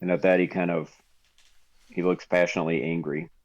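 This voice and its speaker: A man's voice: deep voice, level tone, brisk, a little mellow, no echo, lo-fi sound. A man narrating as game master in a casual, laughing way.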